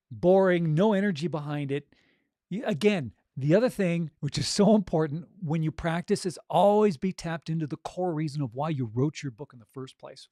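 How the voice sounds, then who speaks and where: A man's voice: sits high, darkish tone, dry recording, studio quality. A man coaching audiobook narrators in a casual, upbeat chat, full of fillers like "you know". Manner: conversational, upbeat, with frequent fillers.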